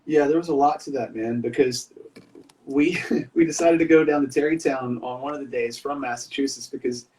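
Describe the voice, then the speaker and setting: A man's voice: mid-range voice, steady tone, fairly quick, a little mellow. Man, mid-range voice, loose rambling storyteller in casual chat, slightly distant from the mic. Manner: rambling storyteller, lots of dude and man fillers.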